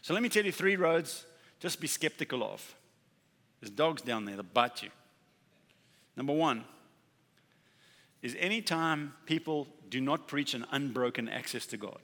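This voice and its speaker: A man preaching a sermon, talking casually and emphatically, often acting out quick bits of dialogue and repeating key words. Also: mid-range voice, animated, fairly bright tone. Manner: conversational preaching with acted-out dialogue and emphatic repetition. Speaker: pastor. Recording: reverberant hall.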